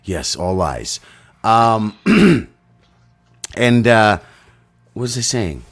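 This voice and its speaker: A man co-hosting a podcast, telling crude, rambling stories in a deadpan way. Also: lowish voice, extremely slow, faint music behind. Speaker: podcast co-host. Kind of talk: crude comedic banter.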